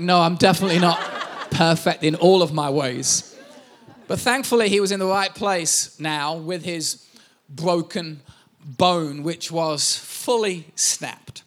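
A man's voice: high-pitched, slow pace, a bit bright. A man in his thirties, a pastor, preaching a sermon and telling family stories with self-deprecating humor.

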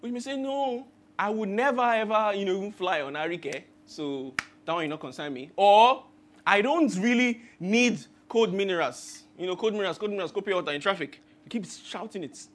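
A man's voice: high voice, lively intonation, brisk. A man, preaching a sermon as pastor and telling stories that act out the voices he quotes. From Nigeria. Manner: storytelling, acts out quoted voices with rising emphasis.

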